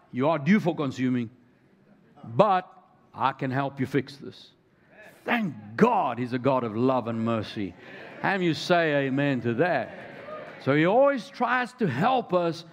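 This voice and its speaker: Higher-voiced man preaching a sermon. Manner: preaching with rising emphasis, calls to the congregation. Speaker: pastor.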